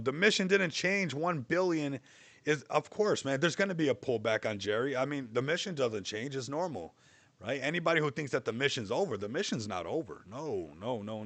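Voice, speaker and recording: A man's voice: medium pitch, fairly bright tone, no echo. A young man hosting a livestream, talking in a loose, rambling way, mocking and laughing often. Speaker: livestream host. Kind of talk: casual livestream chat.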